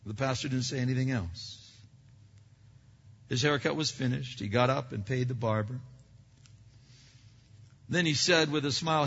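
A man preaching a sermon, swinging between loud emphatic lines and hushed asides. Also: on the high side, expressive, moderate pace, pauses often. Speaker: pastor. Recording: dull echoey hall recording.

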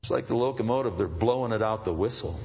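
A man preaching a sermon as a pastor, swinging between low, quiet passages and loud, high bursts. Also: fast. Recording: dull lo-fi sound with long hall reverb.

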